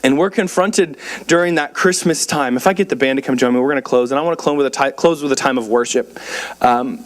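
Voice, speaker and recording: A man's voice: mid-range voice, fast. A young man preaching a casual sermon in a church, with lots of fillers and repeated words. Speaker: pastor.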